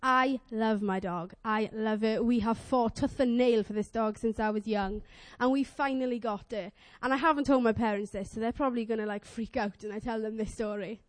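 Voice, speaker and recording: A young woman preaching a sermon, telling a story in a chatty, earnest, animated way and acting out voices. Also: sits high, brisk, dry recording. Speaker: lay preacher.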